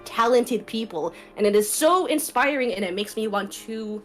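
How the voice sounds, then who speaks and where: A woman's voice: a little high, lively intonation, soft background music, rough recording. A woman who does voice acting, chatting on a livestream call, gushing and emotional, close to tears. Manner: gushing, emotional, quick and giggly. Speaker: voice actor guest. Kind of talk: casual chat on a livestream call. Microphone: home microphone, records in a closet.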